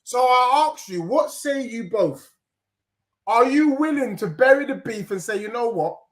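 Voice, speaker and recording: A young man, a Tottenham fan talking football and teasing rivals in lively banter. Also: very high voice, a little slow. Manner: boastful, teasing, half-sung chants. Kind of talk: animated football banter, singing taunts.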